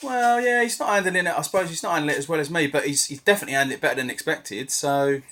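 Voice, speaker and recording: A man in a casual podcast chat, talking in a subdued, low-key way. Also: rapid-fire, fairly bright tone.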